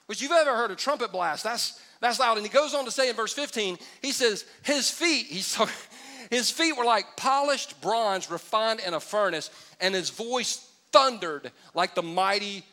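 A man preaching a lively sermon to a congregation, joking with the crowd and building up to shouts. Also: high-pitched, moderate pace. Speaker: pastor.

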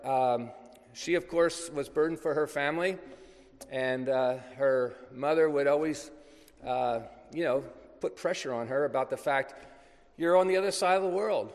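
In a large hall, a man with a medium-pitched voice speaks as a missionary to a church congregation. He tells a ministry story in a loose, anecdotal, conversational manner, with pauses throughout.

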